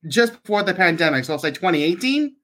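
A young man talking as a podcast guest in a casual interview, hesitant and halting, with many restarts and "like". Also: sits high, very animated, fairly bright tone. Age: young adult.

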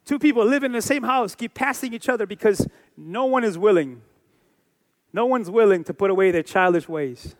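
Man, forties, pastor delivering a sermon, very high voice, emphatic and repetitive, keeps asking the crowd questions. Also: fairly quick. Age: 40s. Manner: emphatic preaching with repeated phrases and rhetorical questions.

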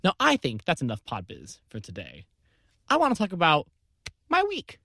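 Animated woman telling a mock-earnest story. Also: low-pitched, moderate pace, no echo, studio quality. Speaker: podcast co-host. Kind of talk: improvised comedy chat.

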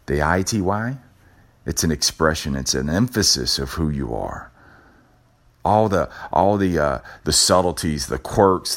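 A man's voice: extremely low pitch, fairly bright tone. A man hosting a show and giving a motivational talk, repeating himself with an emphatic, preacher-like cadence. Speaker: podcast host.

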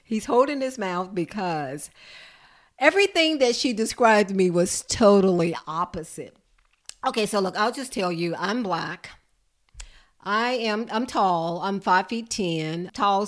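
A woman caregiver telling a personal story to an audience in a lively, expressive way. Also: medium pitch. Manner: expressive, lively storyteller who builds to laughter. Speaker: home caregiver.

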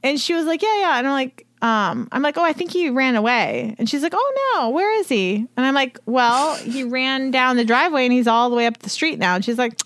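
A blunt woman chatting on a podcast, her voice sitting a little high and sounding close and dry. She swears freely and tells her stories with animated energy. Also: fairly quick, few pauses, no echo. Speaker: podcast co-host. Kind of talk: casual chat.

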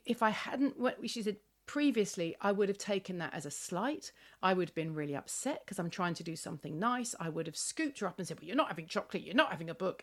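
A woman author talking as an interview guest, telling stories with lively quoted voices and many restarts. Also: fairly low pitch. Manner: storytelling, acts out quoted voices, frequent restarts. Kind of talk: animated conversational interview.

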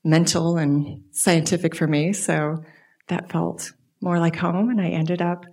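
Animated woman telling a personal story. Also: lowish voice, unhurried. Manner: animated storytelling, dips into soft whispers. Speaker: guest speaker. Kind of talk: personal story in a church message.

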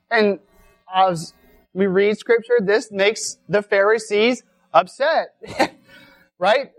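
A woman giving a conversational sermon at a weekend retreat, repeating words as she goes and often asking "right?". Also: medium pitch. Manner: casual, repeats words, asks rhetorical questions. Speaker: speaker at a weekend church retreat.

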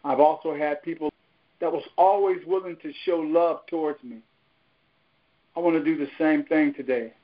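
A man's voice: on the high side, steady tone, moderate pace, muffled recording. A man speaking in a heartfelt, emphatic way on a church prayer line.

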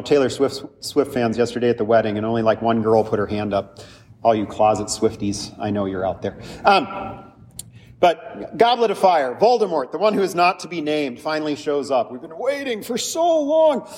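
A man's voice: fairly high pitch, darkish tone. Man preaching casually in a reverberant church. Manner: conversational, jokey, with many restarts. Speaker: pastor. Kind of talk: sermon. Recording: hall reverb.

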